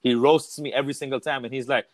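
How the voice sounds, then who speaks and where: A man speaking as a podcast guest in a relaxed, candid chat. He swears without a second thought and keeps restarting his sentences as he tells a story. His voice sits mid-range and sounds close and dry. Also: mid-range voice, quick pace, no echo. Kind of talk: casual chat.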